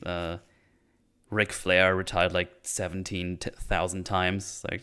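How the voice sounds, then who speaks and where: A man hosting a casual movie podcast, laughing often and acting out scenes in quick silly voices. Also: low voice, little pitch movement, pushed and bright, clean tone. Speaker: podcast host. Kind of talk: casual movie-review chat.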